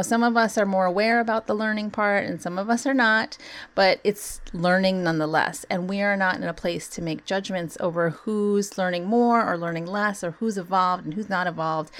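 A woman hosting a solo talk, speaking earnestly and conversationally about compassion and spiritual growth, often saying "you know" and breaking into laughter. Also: medium pitch. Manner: many "you know" fillers.

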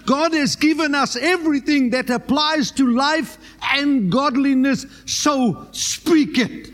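A man's voice: extremely high pitch, slow, few pauses, a bit bright, in a large hall, a little hiss or hum. A South African man preaching a sermon as pastor, emphatic and dropping in Afrikaans words.

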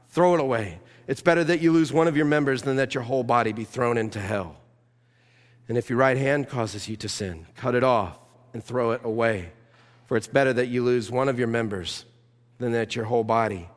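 A man's voice: medium pitch, normal speed. A man, a pastor, preaching a sermon with impassioned, urgent exhortation. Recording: long reverb of a church hall.

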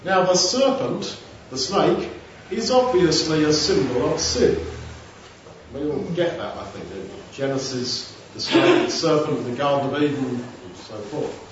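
A man's voice: fairly high pitch, expressive, a little slow, background noise. Man preaching in a very echoey hall. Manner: conversational, acts out dialogues. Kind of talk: sermon. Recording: echoey room, distant mic, dull sound.

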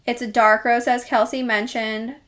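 A woman's voice: fairly high pitch, little pitch movement, moderate pace, fairly bright tone. A young woman with a New Jersey accent co-hosting a casual podcast, upbeat and giggly. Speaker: podcast co-host. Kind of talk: casual chat.

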